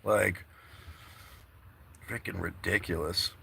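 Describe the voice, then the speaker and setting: A man's voice: low-pitched, fairly even intonation, slow, vocal fry, sharp tone, a little hiss or hum. A man vlogging live from his car outdoors, chatting casually and rambling to his viewers. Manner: rambling, laid-back, talks to viewers. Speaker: travel vlogger. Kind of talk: casual live-stream chat.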